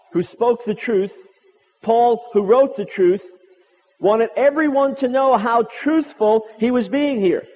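A man preaching a sermon with prayer, impassioned and emphatic, repeating his points. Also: extremely high pitch. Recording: dull sound with long hall reverb.

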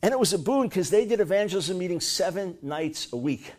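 Middle-aged male preacher, high voice, lively storyteller, punches up quoted lines. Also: a little fast. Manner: animated storytelling, rising to loud high-pitched bursts when acting out quotes. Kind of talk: sermon.

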